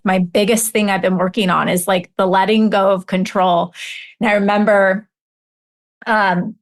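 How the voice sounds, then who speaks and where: A middle-aged woman hosting a podcast, thinking aloud and affirming her guest in a reflective way. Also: medium pitch. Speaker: podcast host, business coach. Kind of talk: conversational interview.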